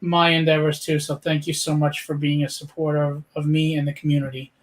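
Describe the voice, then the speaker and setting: High-voiced teasing co-host man. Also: monotone, brisk. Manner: teasing, ribbing banter. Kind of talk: casual livestream chat.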